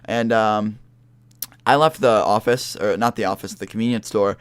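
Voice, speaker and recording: A man's voice: fairly low pitch, steady tone, normal speed, smooth, dry recording. A young man telling a long story in a casual, rambling way, full of fillers and swearing. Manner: rambling, lots of fillers and swearing, acts out quotes.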